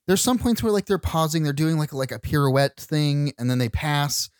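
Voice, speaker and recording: A man's voice: fairly high pitch, lively intonation, normal speed, clear, resonant tone, dry recording, clean studio sound. A man co-hosting a podcast, chatting about a stage musical with frequent restarts and awe. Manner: chatty, restarts often, awed. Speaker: podcast co-host. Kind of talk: casual theater discussion.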